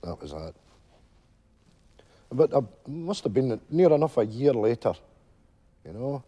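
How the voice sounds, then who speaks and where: An actor playing an older widowed Glasgow pensioner with a Glaswegian Scottish accent, telling a rambling stage monologue full of "you know" asides. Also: male voice, mid-range voice, very animated, a little slow, mellow, husky, dull audio. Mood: wistful storytelling. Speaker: stage character telling a story to friends.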